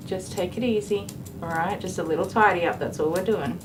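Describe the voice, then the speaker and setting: A woman's voice: lowish voice, moderate pace, noisy background. An Australian woman grooming a dog on a live stream, coaxing it in a soothing way while chatting to her viewers.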